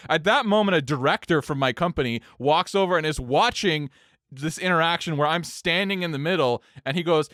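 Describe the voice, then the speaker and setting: Animated swearing male storyteller, dry sound. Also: a little high, a little fast, no room sound. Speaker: podcast co-host. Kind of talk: casual chat.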